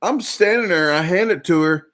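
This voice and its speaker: A competitive eater hosts a casual live-stream chat, his high-pitched, fairly bright voice moving at a normal speed. Having just finished a huge meal for an eating challenge, he sounds full and sluggish as he rambles, chats, and reads out viewer names.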